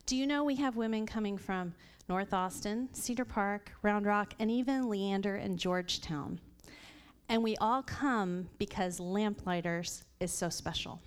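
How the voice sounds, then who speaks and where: A woman's voice: fairly high pitch, clean tone. A woman in her thirties sharing an earnest personal testimony at a women's Bible study. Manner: earnest, warm storytelling with light laughs. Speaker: church member sharing a testimony.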